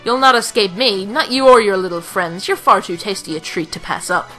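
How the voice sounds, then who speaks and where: A woman's voice: mid-range voice, a little fast, bright, forceful tone, faint music behind, lightly acted, rough recording. A woman reading a haughty, cruel female general from a game, with theatrical gloating laughter.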